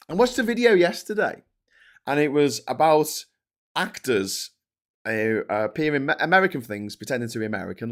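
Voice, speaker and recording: A man's voice: lowish voice, vocal fry. A man hosting casual political commentary in a sarcastic, profane ranting manner. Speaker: host.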